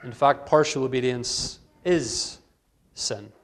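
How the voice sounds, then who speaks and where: A man's voice: medium pitch, slow pace. A man preaching an earnest expository sermon, reading scripture aloud and voicing its dialogue with rising emphasis.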